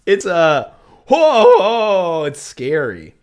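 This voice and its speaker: A man's voice: sits high, wildly swooping pitch, drawn-out words, a little mellow. A man co-hosting a podcast, telling a travel story in casual chat that is rambling, jokey and full of fillers and swearing. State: recovering from a virus. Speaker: podcast co-host.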